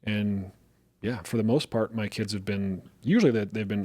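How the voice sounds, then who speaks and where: A middle-aged man co-hosting a casual podcast conversation, telling lively everyday stories and illustrating them as he goes. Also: on the low side, moderate pace, no echo. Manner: lively storyteller, acts out parent voices. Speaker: podcast co-host.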